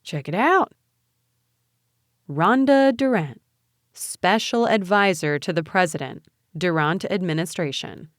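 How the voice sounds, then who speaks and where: A snide, smug man with a Mississippi drawl, put on by a woman narrating an audiobook. He sneers and mocks in a low, dry voice close to the mic. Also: expressive, measured pace, long pauses, no room sound. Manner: sneering, mocking. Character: smug snide young male political operative.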